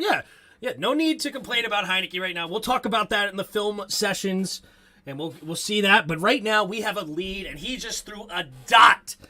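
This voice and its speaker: Brief: male live-stream host, high bright voice, excitable play-by-play. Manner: excitable, reads chat comments aloud. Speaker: host of a sports talk stream. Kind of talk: live play-by-play and fan commentary.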